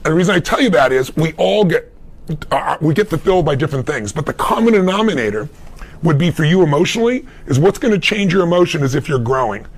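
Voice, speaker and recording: A middle-aged man, a motivational speaker, answering a question in an emphatic storytelling manner, swinging between loud and soft. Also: fairly high pitch, very animated, fast. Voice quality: gravelly, husky. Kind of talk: conversational interview answer.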